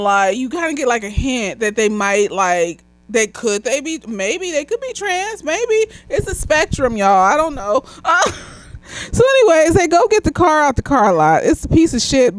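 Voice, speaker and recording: A woman's voice: mid-range voice, dry recording. A young woman, a therapist a little tipsy, rambling through a casual movie review with lots of swearing and laughter. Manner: rambling, profane, laughs often. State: slightly tipsy.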